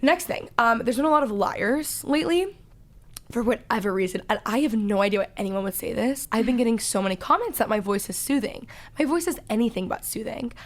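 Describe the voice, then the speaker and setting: A woman in her twenties from Texas with a Valley Girl accent, a podcast host chatting casually, loud and talkative, saying "like" a lot. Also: fairly high pitch, animated, fairly quick. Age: 20s. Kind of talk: casual chat.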